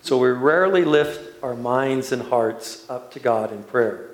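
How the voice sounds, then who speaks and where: A man preaching a sermon, telling a personal story in an unhurried, storytelling way. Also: mid-range voice. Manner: unhurried storytelling, building to laughter. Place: church. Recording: echoey church room.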